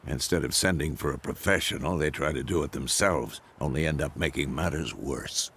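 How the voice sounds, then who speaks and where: An actor playing a grizzled old male witcher mentor in a video game, with a gravelly voice and a dry, teasing, matter-of-fact way of talking. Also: very deep voice, normal speed, fairly bright tone, a little hiss or hum.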